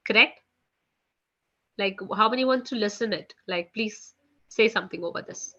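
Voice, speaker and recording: A woman teaches a live online French class, her voice bright and forward. She chats loosely and leans on "you know" and "guys". The call audio sounds dull and lo-fi. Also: medium pitch, moderate pace.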